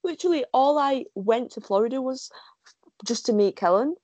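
A woman from the UK chatting casually, telling fan stories in a gushing, giggly, animated way. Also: high voice, normal speed, no echo. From United Kingdom. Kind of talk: casual chat.

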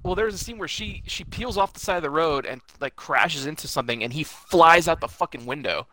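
A man co-hosting a casual movie review podcast, rambling through scenes in an excited, scene-by-scene retelling. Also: on the high side, brisk, slight background noise, low-quality recording. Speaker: podcast co-host.

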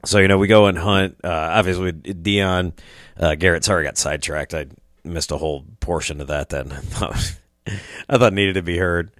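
A young man from Iowa hosts a podcast and tells a wild story full of swearing. His voice sits on the low side and he keeps it lively, jumping into the voices of the people he quotes. The sound is close and dry, with no room echo. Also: moderate pace. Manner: profane, animated, acts out quoted voices. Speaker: podcast host telling a story. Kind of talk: casual storytelling.

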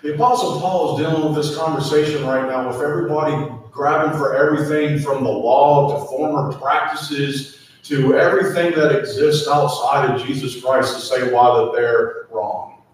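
A man preaching a sermon as pastor, slow and emphatic, repeatedly asking the congregation to speak to their neighbors. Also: medium pitch, steady tone, slight background noise. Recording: echoey hall, mic at a distance.

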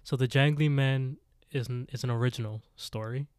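A man's voice: medium pitch, steady tone, moderate pace, a little mellow, clean tone, no echo, studio quality. A man co-hosting a podcast, retelling a scary story in casual chat with lots of fillers. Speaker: podcast co-host.

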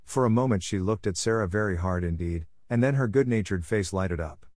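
A man narrates a storybook in a measured, even reading voice. His pitch sits on the low side, and the recording is dry and close with no room around it. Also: dry recording. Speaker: audiobook narrator.

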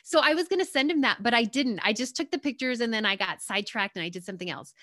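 A young woman tells her story casually, rambling and circling back with filler words. Her voice sits a little high. The sound is dry and close, with no room around it. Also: lively intonation, quick pace, a bit bright, dry recording. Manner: rambling, loops back with "anyway" and "like". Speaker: guest sharing her story.

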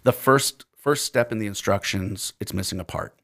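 A man's voice: lowish voice, moderate pace, vocal fry, a bit bright. A middle-aged man from New Jersey with a faint New Jersey accent, casually telling a story in conversation and chuckling often.

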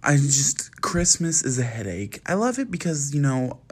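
A young American man hosts a casual solo podcast from home at night, sassy and chatty with plenty of fillers. His voice sits at medium pitch, very animated and slightly rough, at a normal speed.

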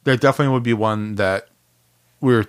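A man co-hosting a podcast chats casually about music, laid-back and quick to laugh, using lots of filler words. His voice is lowish and smooth.

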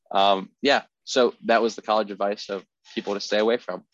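A man's voice: on the low side, fairly even intonation, normal speed, fairly bright tone, dry recording. A young man co-hosting a podcast, talking in a casual, rambling way with lots of filler words. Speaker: podcast co-host. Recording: dry, slightly dull podcast audio.

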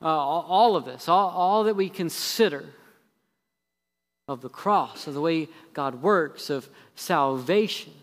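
A man preaching from the pulpit. His voice sits a bit higher than most men's and rings with a long church-hall reverb. He races through sarcastic lists, then slows and drops low for the main points. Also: animated. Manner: heavy sarcasm with quick repeated phrases. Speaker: pastor. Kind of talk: sermon. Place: church sanctuary.

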